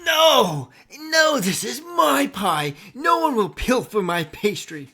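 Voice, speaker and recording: A man voicing an enraged, greedy goblin king who shouts over his stolen pie. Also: sing-song, slow pace, husky, heavily acted. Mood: outraged. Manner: shrill shouting.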